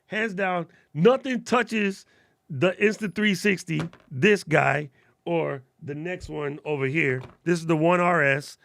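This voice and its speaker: A man's voice: a little high, creaky, a bit bright, dry recording, studio quality. A man hosting a casual live stream about camera gear, slangy and enthusiastic as he answers viewer questions.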